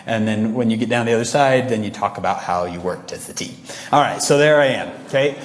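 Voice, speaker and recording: A man giving a motivational talk to a young audience, telling lively, self-mocking stories and often asking the crowd questions. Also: on the low side, a little fast. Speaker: speaker. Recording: echoey large hall.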